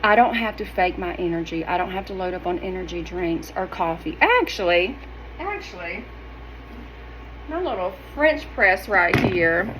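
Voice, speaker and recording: A middle-aged woman, talking straight to her viewers in a sassy, animated, emphatic way. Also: fairly low pitch, normal speed, few pauses, background noise. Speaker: wellness vlogger. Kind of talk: casual direct-to-camera talk.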